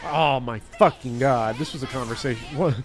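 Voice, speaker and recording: A man who works as a teacher, talking casually to his chat while gaming, blunt and heavily profane in an animated rant. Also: mid-range voice, moderate pace, faint music behind. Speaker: teacher streaming a game.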